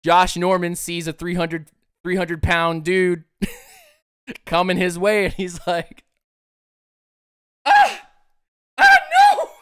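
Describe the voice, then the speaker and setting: A man hosting a sports show, breaking down game plays with excitable energy and frequent laughter. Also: sits high, slow, clear, resonant tone, no echo, studio quality. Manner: excitable, breaks into laughter, acts out players in quotes. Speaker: sports podcast host. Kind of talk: animated sports commentary.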